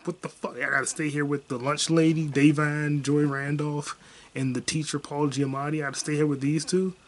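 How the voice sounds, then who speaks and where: A man's voice: on the high side, little pitch movement, moderate pace, lightly acted. A man voicing a frustrated teenage boy who is stuck at school over the holidays and complains with profanity. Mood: whiny.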